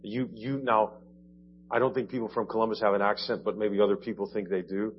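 A man's voice: on the low side, little pitch movement, brisk. A man from Ohio preaching a sermon in a church, explaining with conversational asides. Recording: dull lo-fi church audio, faint hum.

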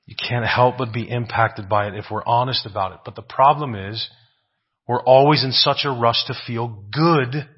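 A man's voice: medium pitch, husky, lo-fi sound. A man preaching a sermon, asking rhetorical questions, often adding "right?" and repeating phrases for emphasis.

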